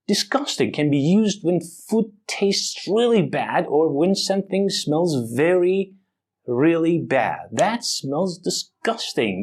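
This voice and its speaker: Slow-speaking man teaching English vocabulary. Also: medium pitch, animated, darkish tone. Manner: slow and deliberate, with exaggerated word stress. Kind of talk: vocabulary lesson.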